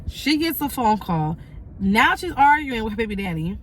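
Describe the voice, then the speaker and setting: A woman's voice: on the high side, sing-song, moderate pace, a bit bright, slight background noise. A young adult woman telling a storytime vlog, retelling events with emphatic repeats and asides. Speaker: vlogger.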